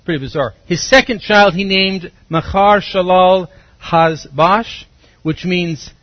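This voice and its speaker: A middle-aged man preaches a sermon, his voice sitting a little high as he acts out voices and stories. The recording is dry and slightly muffled, with little room sound. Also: no room sound. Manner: animated storytelling, acts out voices and shouts. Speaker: pastor.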